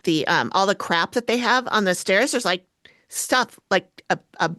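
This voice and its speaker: Woman cohost rambling thru a recap, mid pitch, dry mic. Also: animated, normal speed, sharp tone, no echo. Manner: chatty, retells scenes with quoted voices. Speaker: podcast co-host. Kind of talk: casual recap chat.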